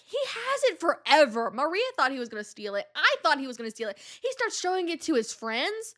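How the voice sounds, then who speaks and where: A young woman with a high, bright-sounding voice chats through a casual podcast monologue. She talks in an animated, exasperated rush of "like" and "um" while telling personal stories. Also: a little fast, hardly any pauses. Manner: animated and exasperated, with lots of fillers like "like" and "um". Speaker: podcast host.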